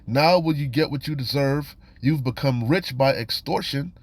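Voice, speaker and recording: A man's voice: medium pitch, moderate pace. A man teaching from scripture in a casual, streetwise way, reading verses aloud and commenting with frequent "you know" and "man". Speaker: preacher.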